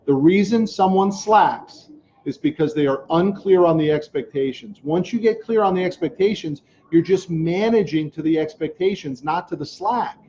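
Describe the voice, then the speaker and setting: A middle-aged man hosts a casual live-stream Q&A as a business coach. He talks with lively energy and keeps dropping slang like dude and man. His voice sits a little high and comes through muffled, lo-fi audio. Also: normal speed, a little hiss or hum.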